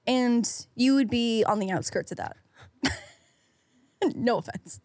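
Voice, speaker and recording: A woman's voice: on the high side, slow, a little mellow, dry recording. A young woman co-hosting a podcast, casual and giggly, rambling with restarts. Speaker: podcast co-host. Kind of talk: casual chat.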